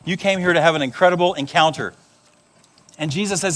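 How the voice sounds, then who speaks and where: A man's voice: on the high side, brisk. A man preaching a sermon, telling stories and acting out the voices of the people in them. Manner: animated storytelling, acts out voices of others. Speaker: pastor.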